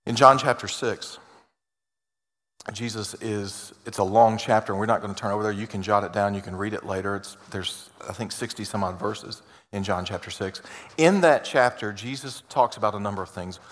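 A man's voice: lowish voice, normal speed. Earnest male pastor in a reverberant hall. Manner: earnest, swings between loud emphasis and quiet intimate asides. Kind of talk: sermon.

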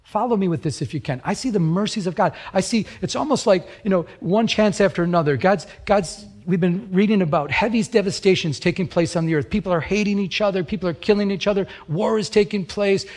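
A man preaching a sermon as a pastor, telling stories in an animated way and repeating phrases for emphasis. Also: sits high, brisk, few pauses.

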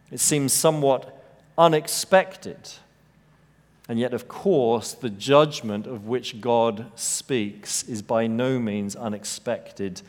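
Man preaching a sermon, slightly high voice, emphatic, big echoey church hall. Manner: measured, emphatic delivery with dramatic rises and hushed drops. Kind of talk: expository sermon. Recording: long reverb of a large hall.

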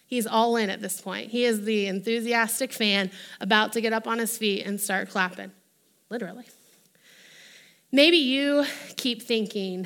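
Bright, high-voiced woman preaching. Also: unhurried, creaky. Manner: animated, acts out quoted voices. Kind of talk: sermon.

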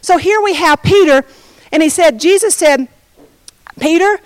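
A woman's voice: very high-pitched, normal speed, no room sound, rough recording. A woman leading an informal Bible study, chatty and jokey, often breaking off mid-sentence. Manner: chatty, self-interrupting, jokey asides.

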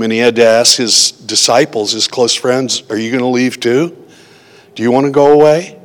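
A pastor giving an informal, conversational teaching to a small group, often asking his listeners rhetorical questions. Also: mid-range voice. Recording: long hall reverb.

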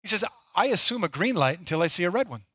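Middle-aged man, pastor's sermon, high bright voice, dry close sound, animated storyteller. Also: quick pace, slightly rough, dry recording.

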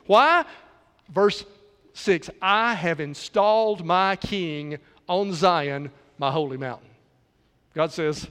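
High-voiced man preaching in a reverberant hall. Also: lively intonation. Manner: preaching with dramatic pauses and shifts between loud and soft. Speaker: pastor. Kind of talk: sermon.

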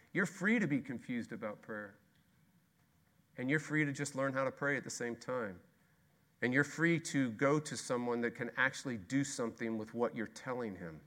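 A man preaching a sermon as pastor, emphatic and repetitive, swinging between loud exclamation and hushed intensity. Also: mid-range voice. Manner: repetitive rhetorical questions.

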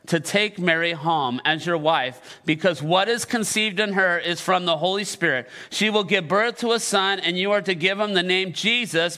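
A man's voice: high voice, sharp tone. A middle-aged male pastor preaching a sermon with passion, calling out questions for the congregation to answer. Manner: call-and-response with the congregation.

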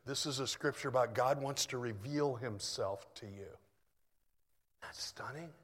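A middle-aged man preaching a sermon in a loose, conversational, self-deprecating way. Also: mid-range voice. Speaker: pastor. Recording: long hall reverb.

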